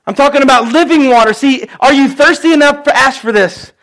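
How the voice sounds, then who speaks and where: A man with a notably high voice preaches to his church congregation. He talks earnestly and conversationally, drifting into personal stories as he makes his points. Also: a little fast, fairly bright tone. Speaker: pastor. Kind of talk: sermon.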